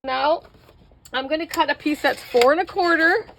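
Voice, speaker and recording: A woman's voice: sits high, normal speed, creaky, fairly bright tone, slight background noise. Chatty woman narrating a craft tutorial. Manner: chatty, self-mocking, talks to viewers while working. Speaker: craft video host.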